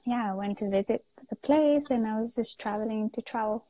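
Lively Italian woman, laughing often. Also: a little high, fairly quick, no echo. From Italy. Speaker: guest. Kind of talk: casual chat on a live stream.

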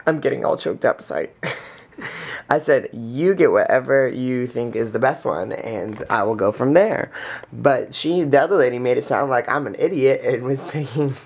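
A man vlogging casually, with a rambling, excitable and jokey way of talking, filmed on a handheld camera in a car and then at home. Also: medium pitch, normal speed, vocal fry. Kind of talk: casual vlog chat. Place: in a car, then indoors at home by a fish tank.

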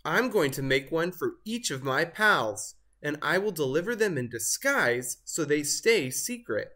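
A storybook reader voicing an excitable male turkey with a high squawky gobbling voice. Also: measured pace, full character voice. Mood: eager. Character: excitable male turkey who loves secret valentines. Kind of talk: storybook read-aloud.

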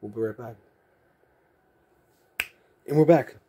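A man talks casually while he sorts cards for his vlog. He rambles, chuckles, and often restarts his sentences. His voice is mellow, with a husky edge. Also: mid-range voice, slow pace. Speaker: trading card vlogger. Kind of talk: casual chat and storytelling.

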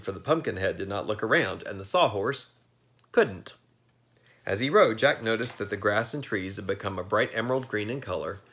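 A man reading a children's story aloud in a lowish voice. His reading is lively and expressive, with a lot of pitch movement. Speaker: narrator.

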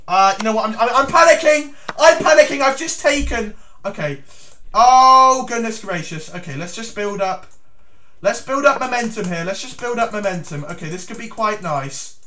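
A man giving theatrical, excited commentary on his own chess game as he plays, breaking into shouts. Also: high-pitched, a little hiss or hum. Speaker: chess YouTuber.

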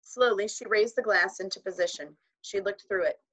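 Bright-voiced woman narrating a children's book. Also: mid-range voice, breathy edge, poor audio. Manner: measured storytelling with voiced characters. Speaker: audiobook reader.

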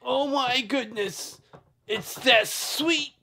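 A woman's voice: a little high, very slow, sharp tone, slight background noise, exaggerated voice. Woman doing gushing donut-loving cheetah cop. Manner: gushing, apologetic. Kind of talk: toy play with voices.

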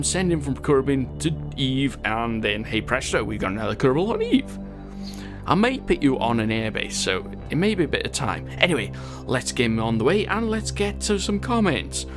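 Guy chatting through a game, mid-pitched, laughs a lot, faint music behind. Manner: chatty, laughs often, reads viewer comments. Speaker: gaming channel host. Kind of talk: casual gameplay commentary.

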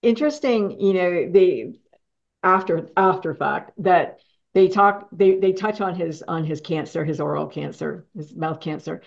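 Gravelly low-voiced woman, chatty host. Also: unhurried, highs cut off. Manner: chatty, frank, laughs easily. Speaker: show host. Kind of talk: casual chat about films.

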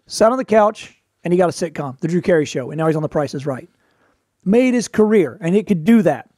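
A man hosting a show, giving casual advice in a wry storytelling way, with quick asides. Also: fairly high pitch, expressive, mellow, no echo, clean studio sound. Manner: quick asides and playful put-on voices for quotes. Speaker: podcast host, performer.

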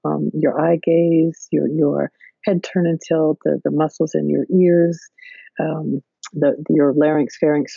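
A woman explains ideas to a podcast host, her voice gravelly and husky with a mellow, dark tone. She builds each point step by step, with plenty of fillers and restarts. The call audio is dull and lo-fi, and very dry. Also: low voice, dry recording. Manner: thoughtful, explains in careful steps with many fillers. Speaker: podcast guest, therapist. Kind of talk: explanatory interview talk. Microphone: video call.

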